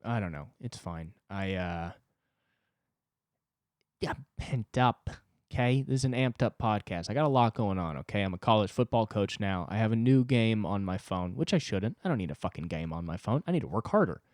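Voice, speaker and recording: Twenty-something dude venting on his podcast, cursing, pitch jumping up and down. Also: lively intonation, moderate pace, darkish tone, dry recording, clean studio sound. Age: 20s. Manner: agitated, profane ranting with sudden pitch jumps. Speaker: podcast host. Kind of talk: solo comedy podcast rant.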